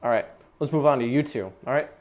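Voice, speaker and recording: This young man talks fast in a medium-pitched, slightly mellow voice as he coaches a small brass ensemble in a rehearsal room. His speech is casual and packed with fillers, and he sings syllables to model articulation.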